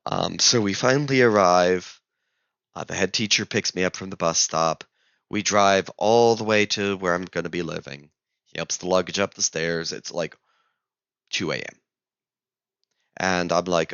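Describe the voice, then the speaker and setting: A man telling a travel story in a casual vlog, animated and exasperated. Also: low voice, a little slow, gravelly, pauses often, no room sound, lo-fi sound. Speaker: vlogger.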